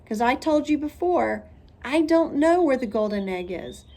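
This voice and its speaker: A woman's voice: sits high, animated, moderate pace, warm tone, pitched above the performer's own voice. A woman voicing a spoiled, prissy rich first-grade girl who talks in a whiny, showy way in a storybook reading.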